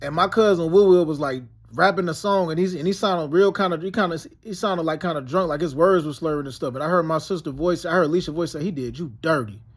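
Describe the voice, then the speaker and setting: Man, high-pitched voice, casual rambling monologue, slangy, lots of fillers and restarts. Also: fast talker, few pauses. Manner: meandering storytelling with many fillers and restarts; slangy, peppered with "yo" and "you know what I'm saying". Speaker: vlogger recounting dreams and past events.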